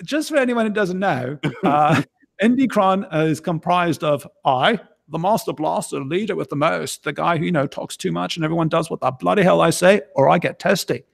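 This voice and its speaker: A man chats loosely on a stream, talking in a fairly high voice with a gravelly edge of vocal fry. He rambles, jokes and teases his co-host. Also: moderate pace. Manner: jokey, rambling, teasing co-host. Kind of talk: casual banter on a livestream.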